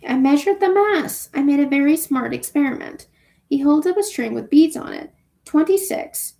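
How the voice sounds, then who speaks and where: A woman's voice: high-pitched, lively intonation, moderate pace, gravelly, warm tone. A woman reading a novel aloud for a book club, casual, with offhand asides about her own reading.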